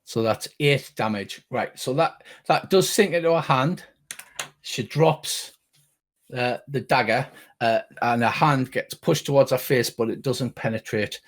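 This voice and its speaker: A man's voice: medium pitch, a little slow. Middle-aged man running a tabletop game. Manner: rambling with many restarts and swearing. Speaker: game master.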